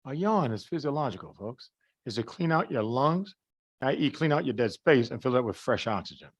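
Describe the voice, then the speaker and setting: Man, somewhat high voice, class lecture, folksy, rhetorical questions, checks understanding. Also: fairly bright tone. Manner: colloquial, folksy phrasing. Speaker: medical lecturer.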